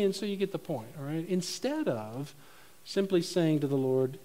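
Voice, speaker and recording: A man preaching a sermon to his congregation in a conversational way, swinging from loud, climbing mock prayers to low, quiet serious points. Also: moderate pace, low-quality recording. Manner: animated preaching, rising to near-shouts in mock prayers. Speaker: pastor.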